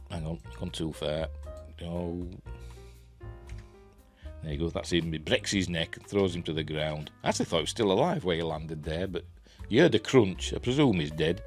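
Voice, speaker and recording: A man with a Yorkshire accent giving a casual, rambling TV episode review, full of fillers, chuckles and self-deprecating asides. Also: low-pitched. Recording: faint music in the background.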